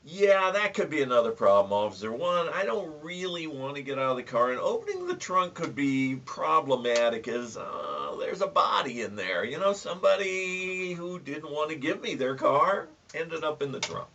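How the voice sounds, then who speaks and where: A man voicing a smug, lying male driver in a told joke, deadpan and unbothered. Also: a little high, moderate pace, hardly any pauses, slight background noise, voice pushed up. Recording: distant, dull lo-fi sound.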